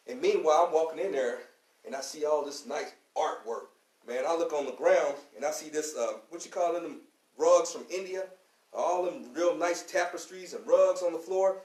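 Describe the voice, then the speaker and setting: A man from Kentucky delivers a fiery, slangy lecture as a class teacher. His voice sits a little high and he leans on "you know what I'm saying." The room around him rings with echo. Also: moderate pace, a little mellow. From Louisville, Kentucky, US. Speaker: class teacher on a radio show. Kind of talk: preaching street-talk lecture.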